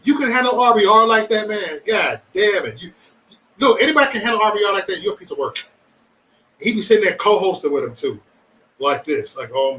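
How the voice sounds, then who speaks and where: A man's voice: sits high, sharp tone, far from the mic, slight background noise, low-quality recording. A man hosting a livestream, chatting casually with viewers in profane, rambling banter and joking threats. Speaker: livestream host.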